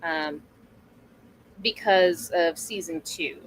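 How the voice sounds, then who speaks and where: A woman's voice: on the low side, slow, a little hiss or hum, poor audio. A woman in her mid-thirties talking casually as an interview guest, rambling, laughing often and swearing freely. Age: 30s. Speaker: guest streamer.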